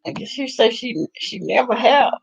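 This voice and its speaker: A woman's voice: on the high side, normal speed, creaky, breathy edge, lo-fi sound. A woman hosting a casual chat, laughing often and reacting to what she is listening to. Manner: laughing, gossipy reactions to a livestream. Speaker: host.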